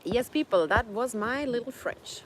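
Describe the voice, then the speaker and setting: A woman's voice: a little high, lively intonation, moderate pace, slight background noise. A woman hosting a casual livestream, chatting with viewers, laughing often and slipping into French. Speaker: livestream host. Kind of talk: casual livestream chat reading viewer comments. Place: home in Jamaica.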